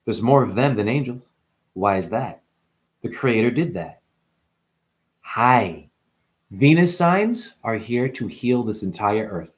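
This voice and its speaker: A man rambles to the camera in a boastful monologue, casting himself as a spiritual guru. His voice keeps lurching from loud, emphatic bursts down to low, muttered asides. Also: lively intonation, takes it slowly, pauses often. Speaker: self-styled spiritual guru.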